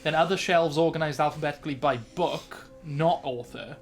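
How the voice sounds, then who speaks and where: A man's voice: on the high side, normal speed, soft background music. A man narrating as game master of a tabletop game, describing things in a rambling way full of fillers.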